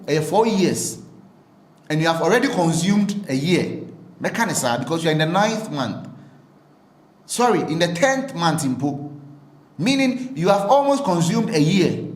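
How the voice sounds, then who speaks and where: Male political commentator, Ghanaian accent, high voice, forceful and repetitive, recorded in a roomy, echoing space. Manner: emphatic, repeats phrases, rhetorical questions.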